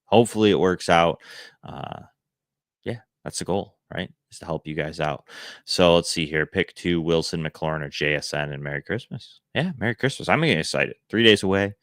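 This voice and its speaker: A man with a very deep, low voice talks casually through viewer questions, giving quick start-or-sit verdicts between easy fillers. The sound is dry and close, like a small room at home. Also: animated, a bit bright, dry recording. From Buffalo area. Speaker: fantasy football show host. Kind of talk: casual live advice show, answering viewer questions. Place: home room he calls Santa's workshop.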